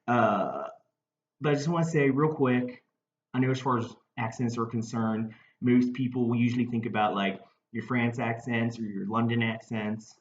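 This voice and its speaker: A man's voice: medium pitch, steady tone, normal speed, dull audio, a little hiss or hum. A man comedian with a Baltimore accent, delivering a rambling, mock-earnest comic monologue full of filler words. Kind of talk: deadpan comic monologue to camera.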